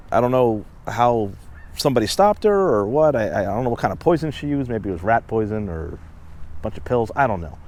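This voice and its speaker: A man's voice: fairly low pitch, darkish tone. A man casually telling history on location outdoors, rambling and chatty with lots of fillers and asides. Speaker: history vlogger and tour host.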